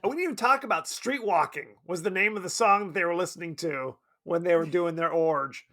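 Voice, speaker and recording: A man's voice: sits high, brisk, sharp tone. A man hosting a podcast, chatting casually with wry humor and laughing as he talks. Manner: wry, laughs while talking, asks for ratings. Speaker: podcast host. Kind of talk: casual chat.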